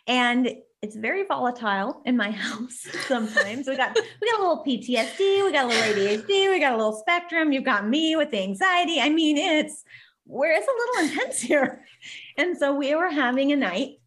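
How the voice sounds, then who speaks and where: A woman in her forties hosting a podcast, telling a personal story in a lively, often laughing way. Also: high-pitched, brisk. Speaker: podcast host. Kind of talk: casual podcast conversation.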